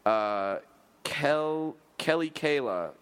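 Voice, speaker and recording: A young man hosting a comedy podcast, joking in casual chat with quick laughs and stammering restarts. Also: fairly high pitch, animated, clear, resonant tone. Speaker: podcast host.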